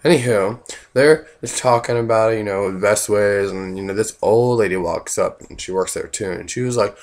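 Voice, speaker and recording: A hoarse man who is losing his voice, telling a funny work story in a rambling, casual way. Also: lowish voice, normal speed, darkish tone. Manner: rambling, full of "like" and "you know", voices in the quotes. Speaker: vlogger.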